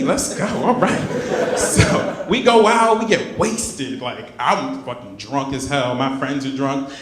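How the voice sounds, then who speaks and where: A young man from the Caribbean telling a stand-up story on a comedy club stage into a handheld mic, switching between loud bursts and low asides. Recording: echoey club with audience. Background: laughing audience.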